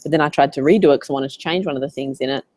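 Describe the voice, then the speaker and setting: An Australian woman coaching in a casual live Q&A, chatty and animated as she tells stories. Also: extremely low pitch, rapid-fire, no echo. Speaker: business coach.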